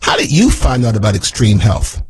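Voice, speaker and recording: Husky-voiced energetic male radio host. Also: moderate pace, rough recording. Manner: emphatic, repeats phrases like a sales pitch. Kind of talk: radio talk show hosting.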